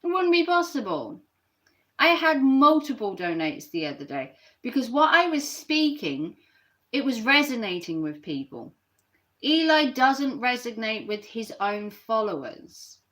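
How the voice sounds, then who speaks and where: Sarcastic woman streamer, slow bright voice. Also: fairly high pitch, big pitch swings. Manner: sarcastic, mocking. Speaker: live streamer. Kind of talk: live stream rant, reacting to chat.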